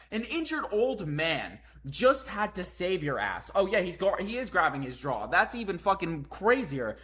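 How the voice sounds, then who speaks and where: A hyped man reacts live while reading a comic chapter, swearing freely as the excitement builds. His voice is bright and forceful and sits a little high for a man. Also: slight background noise. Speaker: streamer reading a manga chapter. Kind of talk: live comic read-along commentary.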